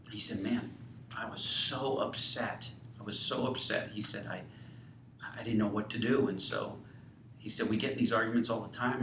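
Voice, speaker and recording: A man's voice: medium pitch, echoey room, far from the mic, slight background noise, rough recording. A man teaching a counseling class, walking through a client case and quoting the dialogue, with frequent fillers. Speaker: counseling instructor. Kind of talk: lecture with case role-play.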